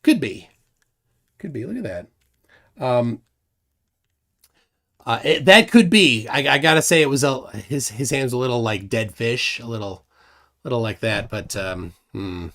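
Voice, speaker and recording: Joking male live-stream host, lively pitch. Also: unhurried, pauses often. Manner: joking, rambling, self-deprecating. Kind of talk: casual live-stream chat.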